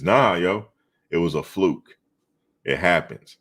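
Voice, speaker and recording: Reading the chat on his casual sports stream, a middle-aged host with a low, deep voice talks at a measured pace. His banter is animated and slangy, and he drives home one point again and again.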